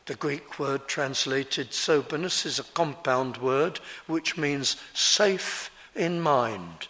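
Slow, measured male preacher. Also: medium pitch, a bit bright. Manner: measured, earnest, explains verse by verse. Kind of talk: expository sermon on scripture.

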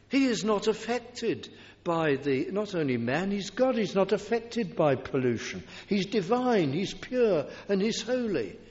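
A man preaching a sermon in a deliberate, emphatic way, now and then acting out the voices of people in the story. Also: sits high, darkish tone. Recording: dull recording in a large reverberant hall.

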